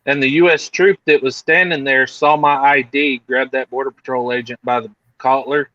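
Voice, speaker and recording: Man telling an animated story. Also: medium pitch, normal speed, dry recording, dull audio. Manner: animated, acts out other people's lines. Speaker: storyteller in group chat. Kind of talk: casual chat.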